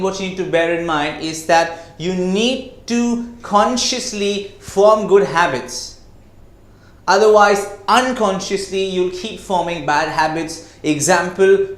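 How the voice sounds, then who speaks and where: A man giving a lesson on communication skills, who slows down to stress his words and keeps asking the listener rhetorical questions. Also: sits high. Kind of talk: classroom-style lecture. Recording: echoey room.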